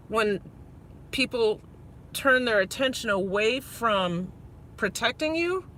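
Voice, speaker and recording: A woman's voice: a little high, pushed and bright, slight background noise. A woman with a Minnesota accent chatting casually to viewers on a live stream from inside her car, rambling from one thought to the next. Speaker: vlogger.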